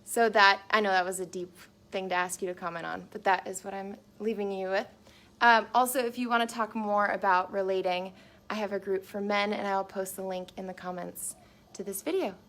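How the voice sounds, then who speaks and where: A woman's voice: mid-range voice, steady tone, a little fast, a bit bright. Chatty young woman talking live from home. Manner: chatty and earnest, filler-heavy with frequent likes and ums. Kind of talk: live-streamed casual talk to viewers. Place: small home, indoors.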